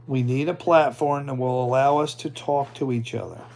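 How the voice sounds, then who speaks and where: Gravelly male livestream host. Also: medium pitch, fairly even intonation, moderate pace, darkish tone. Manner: chatty, talks to viewers and the AI. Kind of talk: casual livestream chat.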